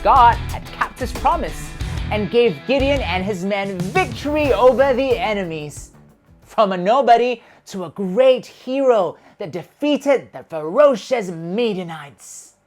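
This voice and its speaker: A woman narrating a Bible story for children, animated and expressive, with quiet music playing behind her. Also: mid-range voice, unhurried. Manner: animated and expressive, with shouted sound effects.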